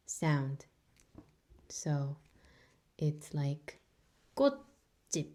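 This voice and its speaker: Patient woman teacher, native Korean speaker, extremely slow and deliberate delivery, drills each sound again and again for beginners. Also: fairly low pitch, warm tone. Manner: patient, repeats each sound several times for learners. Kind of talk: beginner language lesson.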